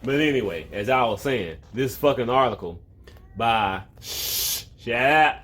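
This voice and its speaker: A man's voice: medium pitch, expressive, a little slow, a bit bright. A man hosts a home video, rambling through loose, swear-heavy commentary and often breaking off mid-thought. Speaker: online video host. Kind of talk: profane comedic commentary. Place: at home, with a cat in the room.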